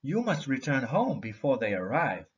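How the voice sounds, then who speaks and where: A man voicing a gentle, weary old uncle in a read-aloud storybook. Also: medium pitch, sing-song, normal speed, muffled recording, close to an everyday voice.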